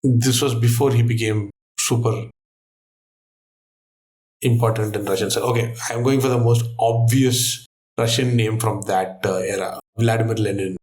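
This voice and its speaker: A man guesting on a quiz show who thinks aloud and tells stories in an animated, casual way. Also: medium pitch, normal speed.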